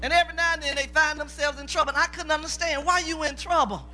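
A woman's voice: high voice, quick pace, pushed and bright, a little hiss or hum. A woman preaching in a plain-spoken, folksy way about mothers and children. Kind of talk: sermon.

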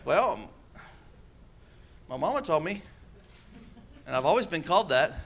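A pastor preaching a sermon, calling out to the congregation and acting out quoted voices with humor. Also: male voice, a little high, sing-song, moderate pace, vocal fry, long pauses, a bit bright. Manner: preaching with call-and-response asides.

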